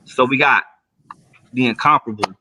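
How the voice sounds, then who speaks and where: A man hosting a casual livestream, joking and slangy, doing high voices when he quotes people. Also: moderate pace, bright, forceful tone, slightly rough. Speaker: livestream host, Army career counselor.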